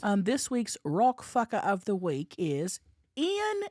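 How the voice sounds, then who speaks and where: A brash woman co-hosts a casual podcast. Her pitch swings widely as she teases and swears her way through the chat. The sound is close and dry. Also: wildly swooping pitch, slow, a little mellow, no echo. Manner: brash, profane, teasing. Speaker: podcast co-host.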